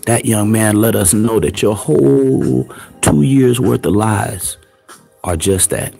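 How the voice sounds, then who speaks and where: A man's voice: lowish voice, slow, vocal fry, dark tone, husky, soft background music. A man hosting his own online show, delivering a confrontational, preachy rant full of taunting rhetorical questions. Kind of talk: ranting commentary.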